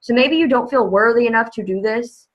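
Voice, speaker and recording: A woman's voice: fairly high pitch, brisk, highs cut off. Chatty young woman on a video call. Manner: upbeat, chatty, lots of filler "like" and "you know". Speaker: team leader. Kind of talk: motivational video call talk.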